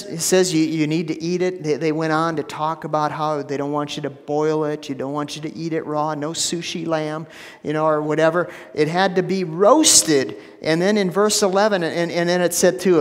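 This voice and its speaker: A man preaching a sermon as pastor, emphatic, repeating phrases and dropping to a hushed low voice for stress. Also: in a large hall. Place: church sanctuary.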